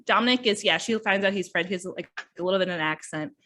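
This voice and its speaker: A woman's voice: mid-range voice, fast talker, pushed and bright. A woman hosting a podcast, casually reviewing books and acting out the characters' lines as she retells the story. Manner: chatty, often acts out characters' lines. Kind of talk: casual book review chat.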